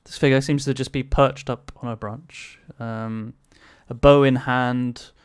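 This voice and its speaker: A man's voice: medium pitch, steady tone, unhurried, smooth, no echo, studio quality. A man narrating a tabletop game as game master, hesitant, with many fillers.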